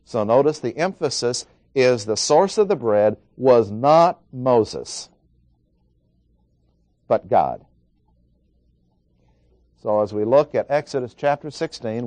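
A man's voice: medium pitch, expressive, slow, long pauses, darkish tone, no echo. Man teaching scripture point by point. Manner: methodical, enumerating points and reading scripture aloud. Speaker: preacher. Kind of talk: expository Bible teaching.

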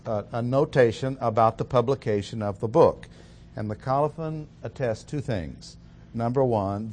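A man preaching a verse-by-verse sermon, speaking deliberately and stressing key words, with fillers and restarts. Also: medium pitch, a little mellow, a little hiss or hum. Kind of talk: expository sermon.

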